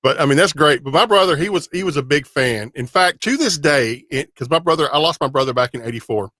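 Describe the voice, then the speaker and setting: A man's voice: fairly high pitch, fairly quick, pushed and bright, no room sound. Easygoing man, dry close sound. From Texas. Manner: easygoing, repeats himself while talking. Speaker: podcast host. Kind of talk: casual interview.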